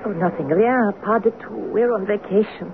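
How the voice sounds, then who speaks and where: An actress in a 1970s radio drama playing a middle-aged French wife with a French accent, once in the resistance, talking in a tender, teasing way. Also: female voice, medium pitch, normal speed, natural voice. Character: wistful French wife, former resistance fighter. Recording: tinny lo-fi old radio broadcast with hiss.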